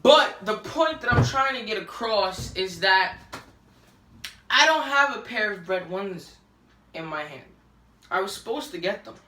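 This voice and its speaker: A woman's voice: mid-range voice, animated, a little slow, pauses often, roomy sound. A woman ranting to camera in a frustrated, profane way, filmed on a phone on a selfie stick. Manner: profane, frustrated, rising to shouting. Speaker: vlogger. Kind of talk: angry rant to camera.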